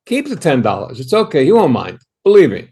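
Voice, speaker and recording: A man's voice: on the high side, wildly swooping pitch, fairly quick, mellow, slightly rough, heavily acted. A wary female secretary with an insistent warning tone, done by an old man telling a story. She sounds pushy and cautious.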